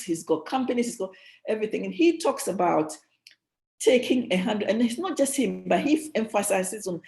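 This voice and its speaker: A woman's voice: medium pitch, gravelly, mellow. A woman giving a motivational leadership teaching at a church, emphatic, repeating key phrases and restarting her sentences.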